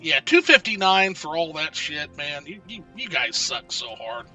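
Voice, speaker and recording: An excitable man streams a video game and chats casually with his viewers, cursing freely. His voice sits high and comes across very bright and cutting. He sits a little back from the mic, with faint game music underneath. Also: measured pace, recorded from a distance. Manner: excitable and profane, swearing often. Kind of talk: casual live gameplay commentary.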